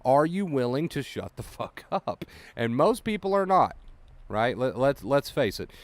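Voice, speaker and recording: A man's voice: mid-range voice, sing-song, unhurried, no echo. A man coaching anxious listeners in a blunt, profane monologue. He drives home each point by repeating it. His voice sits in an ordinary middle range, recorded dry and close. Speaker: anxiety recovery coach.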